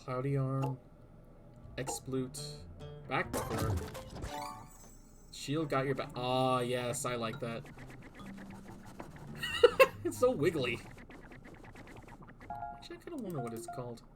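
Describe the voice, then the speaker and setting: A streamer comments live as he plays a video game, exclaiming, groaning and muttering at what unfolds on screen, with game music behind him. His medium-pitched voice is expressive and slow, with frequent pauses.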